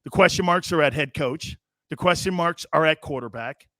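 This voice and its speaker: Brash, high-voiced sports talk host. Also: male voice, normal speed, no echo. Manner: brash, loud and joking, laughs often. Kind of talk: sports talk show commentary, reading viewer comments.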